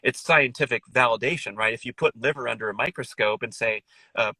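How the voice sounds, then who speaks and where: A man's voice: medium pitch, fast, sharp tone, no room sound, rough recording. A middle-aged man guesting on a podcast, talking enthusiastically in a rambling, casual way with frequent restarts. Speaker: podcast guest, wellness author.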